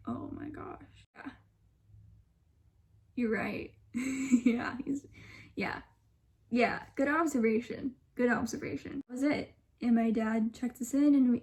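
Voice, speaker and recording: A young adult woman vlogs about a personal experience in a fairly high-pitched voice with a dark tone. Her chatty telling is full of side comments, and quoted lines come out in whispers.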